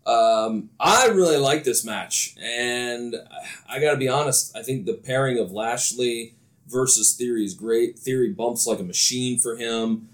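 A man's voice: mid-range voice, a little slow. A man hosting a casual podcast, steering the talk and asking his co-hosts for their ratings. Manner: runs the segment, asks co-hosts for ratings. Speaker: podcast host. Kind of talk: casual chat.

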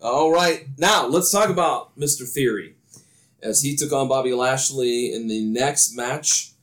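A man's voice: medium pitch, unhurried, a bit bright. A man hosting a casual podcast, steering the talk and asking his co-hosts for their ratings. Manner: runs the segment, asks co-hosts for ratings. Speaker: podcast host. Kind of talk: casual chat.

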